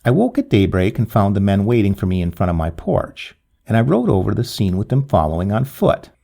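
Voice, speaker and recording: A man reading a first-person tale aloud as narrator, with an expressive delivery that lifts suddenly. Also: lowish voice, a little fast, gravelly. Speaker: story narrator.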